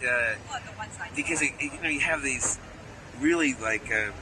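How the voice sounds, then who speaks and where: A man in an animated interview, telling playful stories and slipping briefly into character voices, recorded outdoors near traffic. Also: medium pitch, moderate pace. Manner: playful storyteller who slips into character voices. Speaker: actor interviewee. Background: street and car noise.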